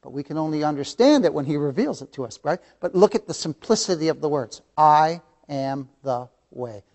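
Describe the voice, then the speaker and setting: Man, fervent Bible teacher with a slightly high voice; big swings from loud emphasis to near-whispers, repeats his points. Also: expressive, fast, vocal fry. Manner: impassioned, swings from loud emphasis to hushed asides; calls listeners "beloved", repeats key phrases. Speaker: Sunday school teacher. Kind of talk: preaching a Bible lesson.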